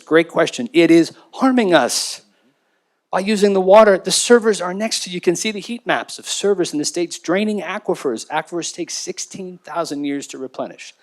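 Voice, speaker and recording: A man's voice: fairly high pitch, brisk. A man speaking as a panelist, talking intensely and emphatically in a university lecture theater. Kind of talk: impassioned panel talk.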